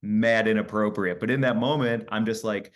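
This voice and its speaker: This is a man with a fairly low voice, speaking as a comedian guest in a relaxed interview. He tells his stories candidly and with animation, and he often acts out what he said or thought. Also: normal speed. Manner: animated storytelling, acts out his own quoted lines.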